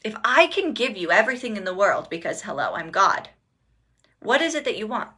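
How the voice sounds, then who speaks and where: A casual, offhand God who talks like a blunt pal and shrugs off pain with slang, voiced by a woman. The tone is bright and forceful. It is an everyday voice. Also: medium pitch, sing-song, a little fast, breathy edge, heavily acted. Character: God, breezy and blunt, talking like a friend.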